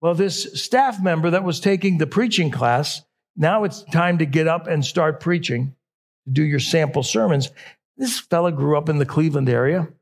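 A man's voice: a little high, animated, normal speed. A middle-aged man preaching a sermon in a conversational way, often correcting himself mid-sentence. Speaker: pastor.

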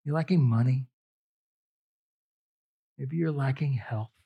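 A man's voice: mid-range voice, slow, vocal fry, husky, highs cut off. A man preaching a sermon as a pastor, conversational and emphatic, drawing out key phrases.

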